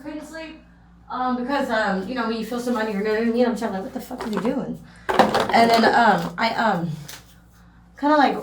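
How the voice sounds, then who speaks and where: A young woman rambles through a personal story, full of fillers and restarts in a casual vlog. Her voice sits a little higher than most, and the room around her rings with echo. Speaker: vlogger. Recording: echoey room.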